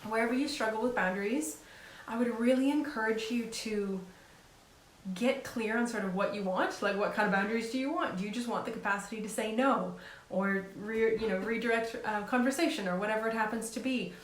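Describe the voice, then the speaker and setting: A woman life coach giving casual, encouraging advice in an earnest, conversational way. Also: on the high side. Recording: echoey room with faint hiss.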